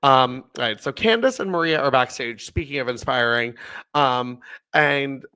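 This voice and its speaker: A young man co-hosts a podcast in casual chat, animated and frequently laughing as he acts out quotes. His voice is medium-pitched and clean, at normal speed.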